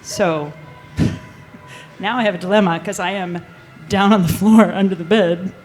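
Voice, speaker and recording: A woman telling a true spooky story live on stage, animated and swearing, laughing often. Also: mid-range voice, unhurried, faint music behind.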